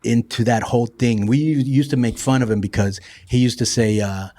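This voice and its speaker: A man's voice: mid-range voice, steady tone, brisk, warm tone, no room sound. A middle-aged man, a guest on a show, telling stories in a casual, profane way, often saying "bro" and "you know". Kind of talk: casual storytelling.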